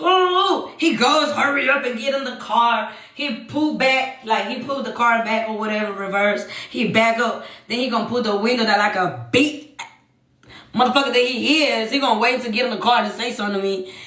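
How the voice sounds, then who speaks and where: A young woman hosts a live stream, telling a dramatic story in an animated, profane way and addressing her chat again and again. Her voice sits high and sounds bright and sharp. The room adds a noticeable echo. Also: a little fast. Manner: animated, swears freely, keeps addressing the chat. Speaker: livestream host.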